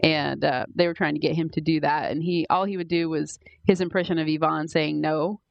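A woman's voice: sits low, steady tone, a little fast, gravelly, dry recording, muffled recording. A woman co-hosting a podcast in casual chat, chatty with many fillers and restarts. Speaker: podcast co-host.

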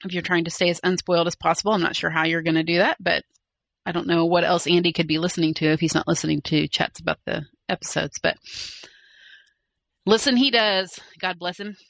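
A woman's voice: fairly low pitch, little pitch movement, fast, creaky, no echo. A woman co-hosting a podcast, chatting casually and reading listener mail, rambling with fillers and self-corrections. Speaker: podcast co-host.

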